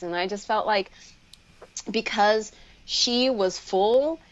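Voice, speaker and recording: A woman speech pathologist telling her personal story candidly as a guest in a live online interview, with lots of fillers and restarts, jumping high when she acts out what others said. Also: highs cut off. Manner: animated, acts out quoted voices with sharp upward leaps and laughter; frequent fillers and restarts, slows down on heavy moments. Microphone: video call.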